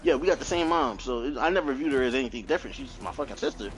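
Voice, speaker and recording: Fast-talking man telling family stories. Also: medium pitch, a crowd in the background, low-quality recording. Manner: profane, animated storytelling with laughs. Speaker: podcast co-host. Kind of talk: casual chat.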